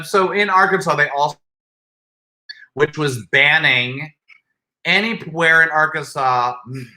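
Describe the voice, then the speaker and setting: A man co-hosting a podcast, chatting casually with animated, sarcastic asides and frequent laughs. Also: on the high side. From United States. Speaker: podcast co-host. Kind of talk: casual chat.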